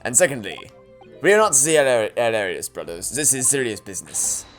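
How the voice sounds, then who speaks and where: A man's voice: mid-range voice, very animated, fairly quick, faint music behind, voice pushed down, lightly acted. A man voicing a grandiose young French nobleman and schemer in a put-on French accent, pompous and stern.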